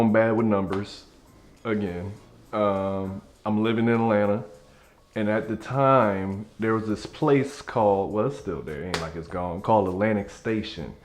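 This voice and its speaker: A man hosting his channel, telling a story in a casual, slangy way and acting out the people in it. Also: on the low side. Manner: animated, slangy, acts out dialogue.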